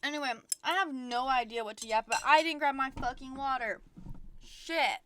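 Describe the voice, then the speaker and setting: A woman's voice: sits high, moderate pace, fairly bright tone, slight background noise. Profane venting young woman streamer. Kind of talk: casual chat stream.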